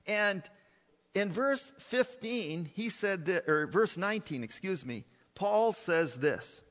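A man's voice: on the high side, lively intonation, takes it slowly, long pauses, a bit bright, big-room sound. A man preaching a sermon in an emphatic style, full of fillers and restarts, in a church. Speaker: pastor.

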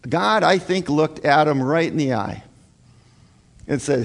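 A man preaching a sermon as pastor, slow and emphatic, with frequent "uh" and "um" fillers. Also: fairly high pitch, expressive, gravelly, in a large hall.

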